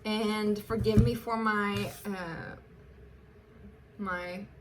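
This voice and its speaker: Woman, tarot reader, warm chatty delivery, affectionate, faint hiss behind. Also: medium pitch, fairly even intonation, very slow. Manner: chatty, affectionate, laughs often, restarts phrases. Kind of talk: casual tarot reading to camera.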